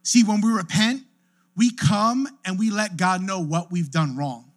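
A man's voice: high voice, measured pace. A young adult male pastor preaching a sermon in a casual, conversational way, often checking in with the listeners. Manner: conversational preaching, frequent "right?" asides.

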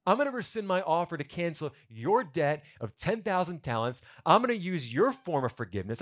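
A man's voice: medium pitch, natural voice. A man voicing a stern wealthy master who demands what he is owed, speaking bluntly and with emphasis during a sermon.

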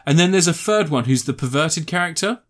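A man's voice: a little high, expressive, fairly quick, fairly bright tone. A young man chatting casually about a film he watched, rambling and sweary, often laughing and restarting his sentences. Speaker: film reviewer. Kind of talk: casual chat.

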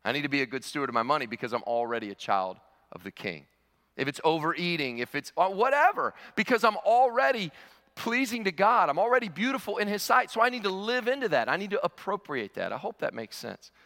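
A man's voice: high-pitched, big pitch swings, fast talker, sharp tone. A man preaching a sermon as pastor, mixing teaching with storytelling and stammered restarts. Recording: long hall reverb.

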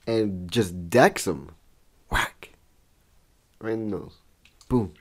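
A man with a fairly low voice chats casually on a podcast. He tells stories loosely, swears freely and laughs often. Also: takes it slowly, breathy edge. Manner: loose, laughing storyteller with profanity. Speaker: podcast co-host. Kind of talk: casual chat.

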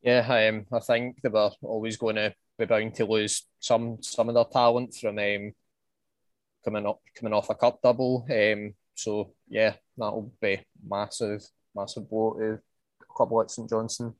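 A man co-hosts a football podcast in a low, flat voice. He answers hesitantly and agrees often, and the recording sounds dry and close. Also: measured pace, no echo. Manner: hesitant, short agreeing replies. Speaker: podcast co-host. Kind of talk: casual football podcast chat.

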